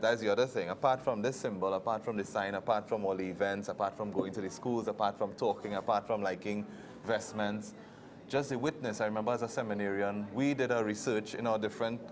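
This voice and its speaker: A man's voice: fairly low pitch, a little fast. A man with a Trinidadian accent, co-hosting a church show as a deacon, speaking earnestly and repeating words for emphasis. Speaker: deacon co-host. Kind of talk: casual chat.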